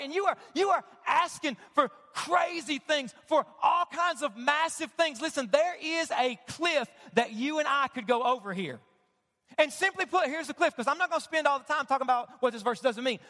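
A male preacher with a notably high, bright voice delivers an animated sermon. He calls on the congregation to repeat after him and answer back. His voice rings with a long reverb through a church sanctuary. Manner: animated, call-and-response with the congregation. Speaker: pastor.

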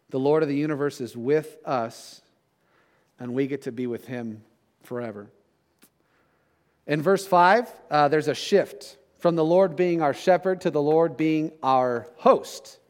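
A man's voice: fairly high pitch, moderate pace. A middle-aged man, a pastor, preaching a sermon in a conversational way, often checking in with "right?".

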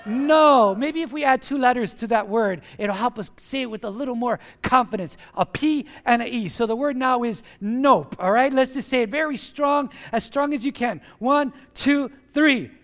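High-voiced, high-energy preaching man. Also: normal speed, hardly any pauses. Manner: energetic, emphatic, leads the congregation in call-and-response. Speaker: pastor. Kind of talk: sermon.

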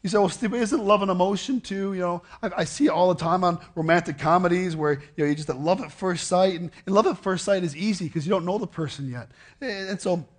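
A man's voice: high-pitched, quick pace. A middle-aged man preaching a sermon in a conversational way, putting questions to the congregation and often repeating words as he goes. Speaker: pastor.

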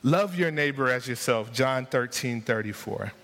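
A man's voice: mid-range voice, animated, normal speed, a bit bright. A man preaching a sermon to his congregation, rousing them with repeated rhetorical questions. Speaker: pastor. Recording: long hall reverb.

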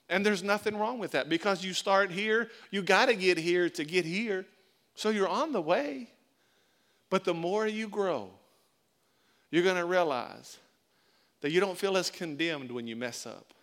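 A man with a high, light voice preaches to his congregation. He is animated and tells stories, slipping into small acted-out scenes to make his point. He talks like a pastor with his people gathered in front of him. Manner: animated storytelling, acts out little scenes. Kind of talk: sermon.

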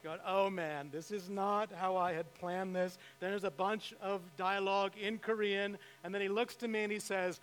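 A man's voice: sits high, fairly even intonation, moderate pace, few pauses, fairly bright tone. A middle-aged man preaching a sermon as pastor, telling a story with emphatic rises in voice. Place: church sanctuary. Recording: reverberant hall with faint mains hum.

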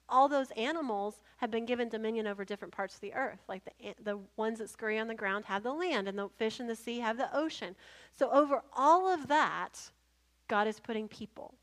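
A woman pastor preaching a sermon, telling stories in a humorous, animated way. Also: a little high, brisk.

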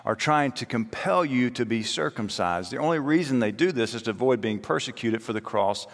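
A man preaching a sermon as pastor, telling stories and dropping to soft asides. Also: brisk. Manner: storytelling, shifts between soft low asides and lively quoted voices. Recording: long hall reverb.

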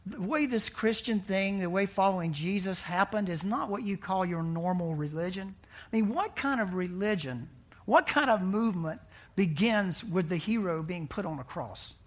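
A man preaching a sermon in a conversational way, asking rhetorical questions and dropping to a hushed voice for dramatic lines. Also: high voice, animated, normal speed. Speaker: pastor.

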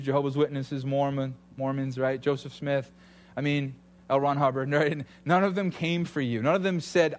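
A man in his thirties preaching a sermon, telling stories and acting out quotes with lively energy. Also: a little high. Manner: animated storytelling with acted-out quotes. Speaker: pastor.

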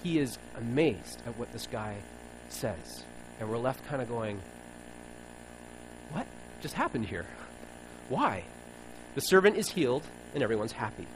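A man's voice: mid-range voice, expressive, moderate pace, noisy background. Guy preaching a sermon, chatty and playful, voice bouncing all over. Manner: conversational, playful storytelling.

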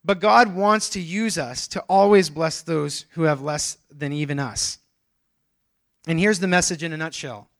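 Pastor, male, slightly higher-pitched voice; relaxed, chatty sermon delivery with restarts and self-aware asides. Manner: conversational, self-deprecating, with restarts and quick asides.

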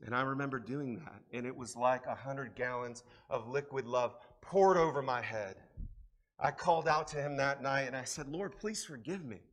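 A man preaching a sermon with personal testimony at a church service, impassioned and swinging from hushed lines to emphatic ones, with repeated rhetorical questions. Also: mid-range voice, moderate pace. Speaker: pastor.

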